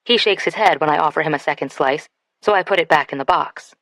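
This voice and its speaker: A woman's voice: low voice, fast talker, a bit bright, dry recording. A woman narrating an audiobook in the first person, in a casual, conversational way.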